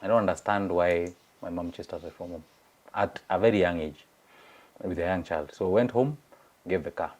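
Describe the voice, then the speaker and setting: Kenyan man telling a lively story. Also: sits low, fairly quick. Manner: animated, acts out quoted voices. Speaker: guest sharing his story. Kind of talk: casual storytelling in English and Swahili.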